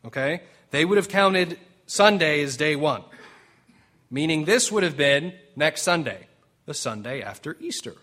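A man delivers a sermon as a pastor, lively and forceful, his voice sitting a little high. He jokes with the congregation, slips into dramatic quoted lines with pauses, and sometimes drifts away from the mic.

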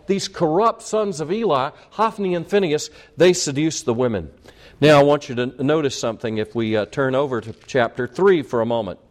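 Preacher guy, kinda high voice, hammers points home, lots of questions at the crowd. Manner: emphatic preaching, repeats points, asks rhetorical questions. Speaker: pastor. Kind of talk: sermon.

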